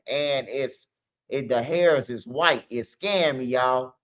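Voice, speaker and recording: A man's voice: mid-range voice, a little slow, fairly bright tone, muffled recording. A man hosting a stream, talking in a loose, slangy, rambling monologue full of "man" and "bro". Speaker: streamer host.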